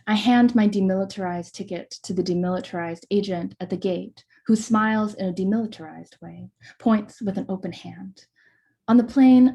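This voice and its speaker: A woman poet reading her work aloud over a video call in a measured, rhythmic way, with soft hesitant asides between poems. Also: medium pitch, creaky.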